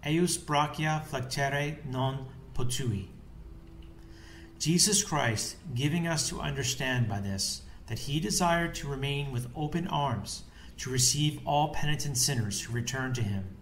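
Brief: solemn male reader of devotional texts, mid-pitched and measured, recorded in a roomy space. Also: lively intonation, fairly bright tone. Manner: solemn, measured, reads Latin phrases aloud. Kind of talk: scripted devotional reading. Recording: echoey room with faint background hiss.

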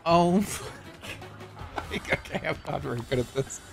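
A man talks through a game on a live stream, his voice bouncing up and down as he mocks himself and shouts at what happens on screen. He sits a little high for a man. Soft music plays underneath. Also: gravelly. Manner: animated, self-mocking, quick to exclaim and laugh. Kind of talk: live gameplay commentary.

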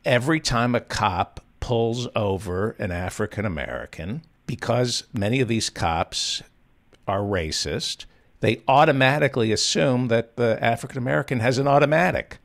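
A man's voice: medium pitch, normal speed, creaky, a bit bright. A man hosting a talk-radio show, asking blunt, provocative questions with wry asides.

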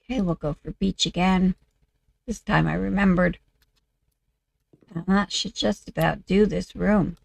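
A video game creator offers casual gameplay commentary, muttering to herself as she works, her voice slightly off and interrupted by coughs. It sits on the low side, creaky and a little mellow, with fairly even intonation, a measured pace, and long pauses.

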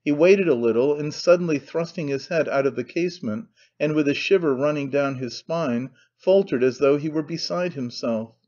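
A man narrating a classic novel as an audiobook in a measured, even reading. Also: a little high, muffled recording.

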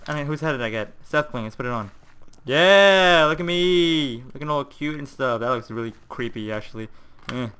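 A young man hosting a gaming video, giving excitable live commentary with frequent swearing and bursts of frustrated yelling. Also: mid-range voice, normal speed, clear, resonant tone.

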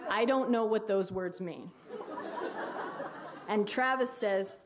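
A woman teacher giving a wry talk on writing dialogue, reading passages aloud. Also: measured pace. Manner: wry, reads quoted dialogue in a hushed low voice. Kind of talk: lecture with read-aloud excerpts. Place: lecture hall.

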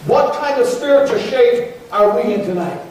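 In an echoey church recorded from a distance, a male pastor delivers an earnest sermon, repeating words as his pleas rise into prayer. His very high-pitched voice has lively intonation, a little mellowness, and normal speed. Faint ambience and slight background noise are present.

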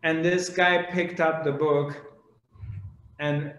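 A man, a spiritual teacher, telling a parable slowly and dramatically with pauses. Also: on the high side, little pitch movement, a bit bright, roomy sound, low-quality recording. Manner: slow, dramatic storytelling with pauses. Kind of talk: storytelling discourse.

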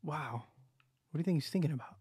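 A man's voice: a little high, fast talker, darkish tone, a little hiss or hum. A man casually commentating as he plays a video game on a livestream, joking around and greeting viewers. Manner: goofy, joking, chatting to viewers. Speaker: streamer.

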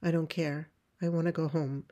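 A woman's voice: low-pitched, level tone, moderate pace, dark tone, muffled recording, lightly acted. A woman voicing a frightened, wounded young girl who pleads to go home. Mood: pleading. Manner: pleading, insistent refusals.

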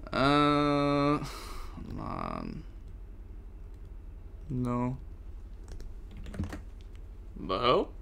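Young male card-game streamer, raspy edge, bright tone, self-critical chat with viewers. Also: medium pitch, wildly swooping pitch, extremely slow, pauses often, a little hiss or hum. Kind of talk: live card game commentary.

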